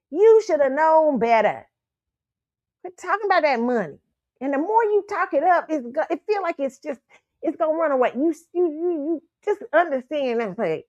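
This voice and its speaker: Host, woman, AAVE, blunt and profane, a bit high-pitched, dry close mic. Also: no echo, lo-fi sound. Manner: blunt, profane, scolding and animated. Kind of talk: casual pop culture commentary. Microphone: streaming microphone.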